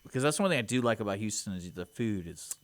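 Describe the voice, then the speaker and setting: Laid-back Texan co-host, low voice. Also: male voice, animated, fast talker. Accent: Texas. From Texas. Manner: laid-back, short replies. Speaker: radio show co-host. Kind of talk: casual radio banter. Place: community radio studio.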